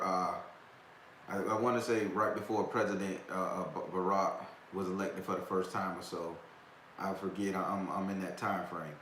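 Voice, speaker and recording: A man talks to his viewers in a loose, rambling way, circling back with slangy asides. His voice sits on the low side. The recording is echoey, with a faint hiss of background noise. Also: fairly bright tone. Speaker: host of a talk stream. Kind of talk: casual storytelling to viewers.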